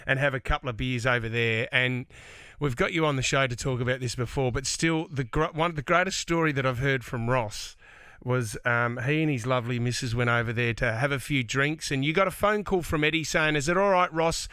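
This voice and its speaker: Bright, upbeat radio host. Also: male voice, medium pitch, fairly quick, smooth, no room sound. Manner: upbeat, enthusiastic interviewer. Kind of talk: casual radio interview.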